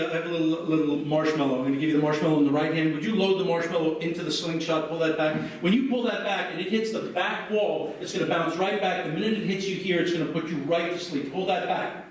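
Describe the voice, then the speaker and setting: A man's voice: fairly high pitch, quick pace. A man with an American accent performing a live stage hypnosis show, giving soothing, repetitive commands. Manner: soothing commands, repeats phrases. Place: library event room. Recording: echoey hall from far off.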